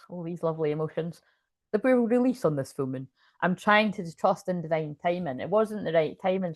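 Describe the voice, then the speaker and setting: A woman's voice: fairly low pitch, dry recording. A woman giving a casual channeled tarot reading, rambling with lots of fillers and swearing freely. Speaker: tarot reader.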